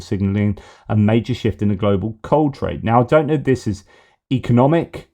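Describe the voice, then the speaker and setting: A man reads through the day's news and drops in his own casual comments between items. His voice sits fairly low. The tone is mellow and soft rather than sharp. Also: fairly quick. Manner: adds casual asides between read items.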